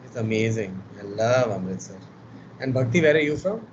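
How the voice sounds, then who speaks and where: A man's voice: on the low side, expressive, normal speed. A man with an Indian English accent runs an online class in a worn, tired voice, chatty and teasing, with Hindi words mixed into his English. The video-call sound is a little muffled, with faint noise underneath. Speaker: lecturer.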